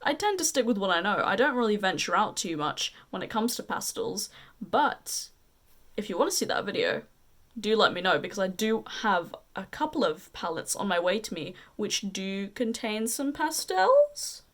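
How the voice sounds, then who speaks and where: A woman's voice: medium pitch, sing-song, fairly bright tone. A young woman with an unusual mixed accent, chatting casually and gushing about makeup as a beauty vlogger. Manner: gushing, chatty, drawn-out emphasis. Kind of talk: casual chat.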